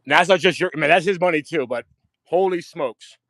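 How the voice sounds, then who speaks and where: A man giving a casual live-stream tour of his diecast collection, excitable, swearing freely and repeating himself. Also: fairly high pitch, fairly quick, no room sound. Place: home storage rooms and outdoors at night.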